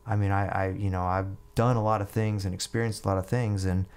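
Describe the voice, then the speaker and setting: Middle-aged male podcast guest; low voice, rambling storyteller who restarts lines. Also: little pitch movement, fairly quick, a little mellow, clean tone. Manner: rambling, repeats and restarts words. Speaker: guest musician. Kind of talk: casual storytelling.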